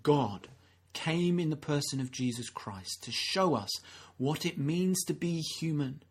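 A man's voice: on the high side, expressive, measured pace, slightly rough. A man preaching a sermon in an earnest, conversational way, often restarting his sentences and acting out the people he quotes. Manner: earnest, acts out quoted speakers, frequent restarts.

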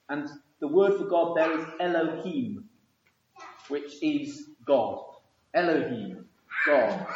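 A man's voice: a little high, lively intonation, slow, noisy background. A man teaching an evening Bible study, explaining at length and thinking aloud with frequent ums and restarts. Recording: very echoey room, dull lo-fi sound.

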